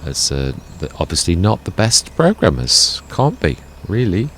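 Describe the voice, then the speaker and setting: A man's voice: low voice, huge pitch swings, measured pace, fairly bright tone, a little hiss or hum. A man giving rambling, chatty gameplay commentary as a let's play host, often correcting himself.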